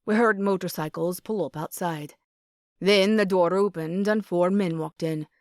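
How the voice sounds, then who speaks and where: A woman's voice: fairly low pitch, a little slow, no echo. Woman narrating an audiobook, dry and close. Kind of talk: scripted first-person narration.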